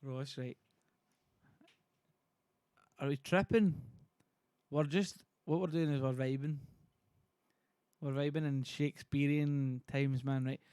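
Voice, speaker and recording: A man's voice: mid-range voice, steady tone, slow pace, long pauses, mellow, clear, resonant tone, dry recording, clean studio sound. A man streaming casually, chatty and self-deprecating as he reads a play to viewers. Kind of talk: casual livestream reading.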